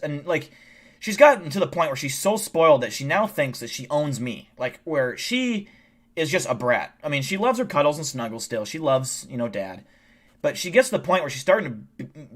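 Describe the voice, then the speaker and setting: Tired and a bit drunk, a man hosting a livestream chats casually, rambling profanely and restarting often. His voice is fairly high-pitched with a fairly bright tone.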